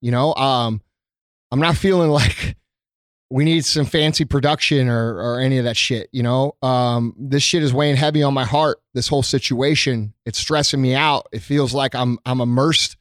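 A man's voice: mid-range voice, steady tone, moderate pace, no room sound, studio quality. Earnest, profane man talking straight. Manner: earnest and emotional, heavy swearing, many ums and restarts. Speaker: small business owner addressing his followers. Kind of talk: unscripted heartfelt monologue. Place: his company premises, indoors.

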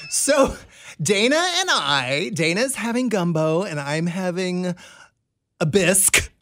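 A man co-hosting a radio show, telling a story in a playful, expressive way. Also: high voice, slow pace. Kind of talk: morning radio banter, storytelling.

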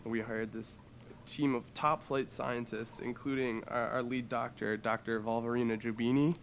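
A man's voice: medium pitch, flat delivery, normal speed, a little hiss or hum. A man co-hosting a comedy podcast, joking and rambling with lots of fillers. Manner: jokey, rambling, with many fillers. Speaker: podcast co-host. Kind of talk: casual comedic podcast chat.

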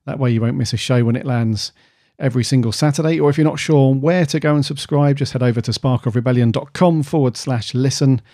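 A man's voice: mid-range voice, steady tone, a little fast, hardly any pauses, mellow, no echo. Chatty man hosting a podcast. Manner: chatty, jokey, slangy. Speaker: podcast host. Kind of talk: casual podcast chat.

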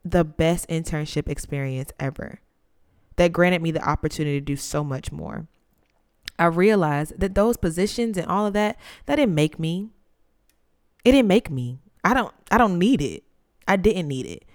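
A woman in her twenties hosting a podcast, telling a personal story in an expressive, testifying way and talking straight to her listeners. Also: low-pitched, normal speed. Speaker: podcast host.

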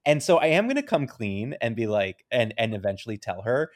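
A man's voice: mid-range voice, sing-song, brisk, no room sound. A man co-hosting a podcast, telling a story in casual chat and acting out both sides of a conversation. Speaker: podcast co-host.

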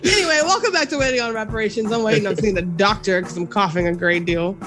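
Super high-voiced guy cohost, joking around, slangy and animated. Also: quick pace, music in the background. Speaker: podcast co-host. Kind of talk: casual chat.

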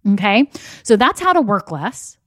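A woman's voice: mid-range voice, very animated, a little slow, no room sound, clean studio sound. A woman hosting a solo business podcast, talking straight to her listeners in an upbeat, emphatic way. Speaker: podcast host and online business coach. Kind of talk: solo motivational podcast talk. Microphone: podcast microphone.

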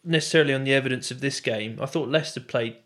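A man's voice: mid-range voice, racing, a bit bright. A man co-hosting a casual football podcast, hesitant, with many restarts, laughing easily. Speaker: podcast co-host.

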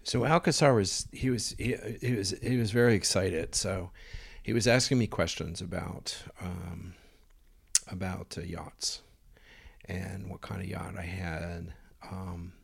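A man recounts a personal story in a loose, meandering way, dropping in ums and quoted lines of dialogue. His voice sits low and has a gravelly, creaky texture. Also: fairly even intonation, a little slow. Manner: rambling, filler-heavy storytelling with quoted dialogue. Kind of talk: casual anecdote.

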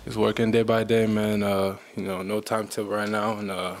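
A young man giving brief, soft-spoken answers at a press conference. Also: fairly low pitch, level tone, a little fast, noisy background. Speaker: football player at press conference.

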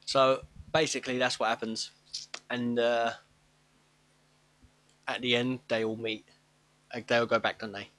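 A man's voice: mid-range voice, little pitch movement, unhurried, long pauses, a bit bright, dry recording. Chatty man with a dry close sound. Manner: chatty, asks questions, jokes. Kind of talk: casual film recap chat.

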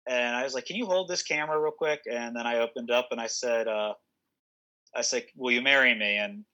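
Young man, political candidate, very bright tone, rambling casual storytelling. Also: mid-range voice, a little fast, low-quality recording. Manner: rambling storyteller, frequent restarts and fillers, laughs often. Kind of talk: casual podcast interview.

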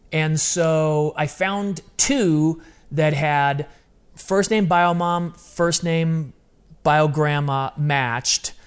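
A man's voice: on the high side, clear, resonant tone. A man in his fifties telling a personal story in a casual, earnest way, often acting out what he said. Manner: earnest, animated, quoting himself.

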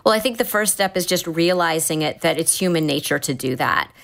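Therapist lady in her 40s, low-ish voice, calm and explainy, lots of restarts. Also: brisk, gravelly. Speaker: therapist guest. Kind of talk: advice-giving conversation.

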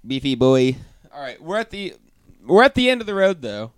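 A man's voice: on the high side, big pitch swings, moderate pace, clear, resonant tone, no room sound, studio quality. A man co-hosting a casual beer-tasting podcast, joking and laughing often while reading beer labels aloud. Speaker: podcast co-host.

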